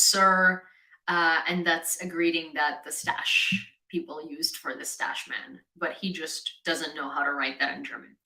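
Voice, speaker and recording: A woman's voice: fairly low pitch, bright, forceful tone, reverberant, poor audio. A woman from Ukraine hosting a casual livestream, telling a chatty story and greeting viewers in the chat. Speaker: livestream host.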